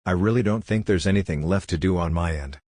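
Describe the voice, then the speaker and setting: A man narrating a web post in the first person, in a plain and steady reading voice. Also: low-pitched, quick pace, no echo.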